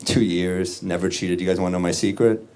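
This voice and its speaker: A man doing a stand-up comedy set on a club stage, dry and deadpan, with quick asides, recorded live. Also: deep voice, clear, resonant tone. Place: comedy club stage before a laughing audience. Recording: live club recording, loud crowd laughter. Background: audience laughter and room ambience.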